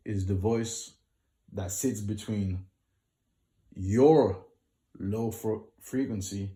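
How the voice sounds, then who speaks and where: Slow, mellow-voiced man giving singing tips. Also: fairly low pitch. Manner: explains in short lists, addresses viewers directly. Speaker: singer giving vocal tips. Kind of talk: casual tutorial vlog.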